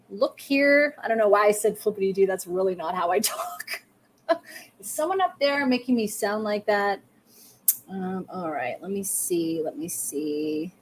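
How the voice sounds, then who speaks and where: Addressing her audience directly, a psychic reader livestreaming her sessions offers warm encouragement. She has an animated, mid-range voice at a normal speed, and slight background noise is audible.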